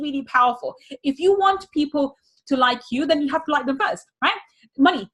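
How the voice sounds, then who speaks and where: A woman's voice: high-pitched, animated, brisk, a bit bright. A woman money mindset coach teaching a workshop, repeating key phrases with energy.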